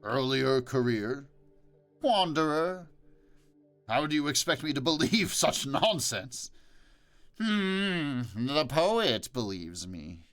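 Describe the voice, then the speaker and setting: A man's voice: medium pitch, fairly bright tone, pitched above the performer's own voice. A man voicing an exasperated, fond priest who chides his old friend. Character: middle-aged priest abbot, exasperated but fond.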